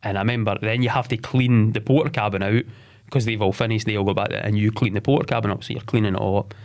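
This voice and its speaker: On a podcast, a man in his forties shares his life story as a guest. His fairly low voice is steady and somewhat dark, and he talks openly but haltingly, repeating words and restarting sentences.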